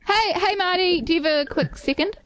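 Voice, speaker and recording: A young woman producer who talks in a high, giggly, pleading way. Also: a little fast, very noisy. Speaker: radio producer.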